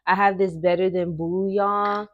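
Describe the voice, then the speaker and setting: A woman's voice: mid-range voice, flat delivery, a little slow, highs cut off. A woman hosting her own home cooking show, talking viewers through a recipe in a chatty, encouraging way.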